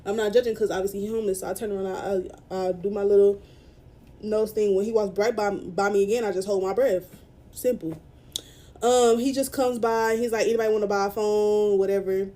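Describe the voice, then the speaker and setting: A woman's voice: mid-range voice, fairly even intonation, brisk, mellow. A young woman from Dallas, upset and close to tears as she tells a story to her phone camera. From Dallas, Texas. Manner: upset, near tears, irritated. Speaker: vlogger telling a story.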